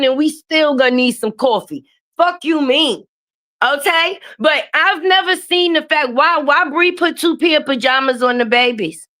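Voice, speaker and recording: High, bright-voiced woman streaming live. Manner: animated, blunt and profane, calling out names. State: sniffly from a cold. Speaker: livestream host. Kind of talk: casual live-stream chat. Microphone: webcam or phone mic while streaming.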